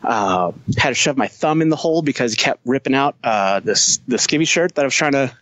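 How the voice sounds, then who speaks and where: A man who is a Marine veteran and podcast guest, telling profane, animated war stories in casual conversation, laughing often. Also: mid-range voice, brisk, no room sound, low-quality recording. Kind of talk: casual storytelling.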